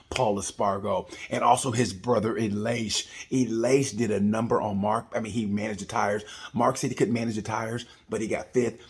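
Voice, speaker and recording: A man hosting his own video channel, giving a casual, rambling race review with jokes and nicknames. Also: on the low side. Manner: chatty, jokey, loose with nicknames. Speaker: vlog host reviewing a race.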